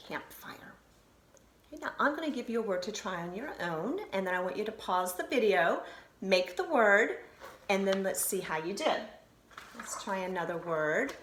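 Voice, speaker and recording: Woman, elementary teacher, slow deliberate phonics delivery, animated intonation, roomy recording with faint hiss. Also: medium pitch. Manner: slow, sounding out syllables and letters. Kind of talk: phonics lesson to children on video. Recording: roomy echo, faint noise.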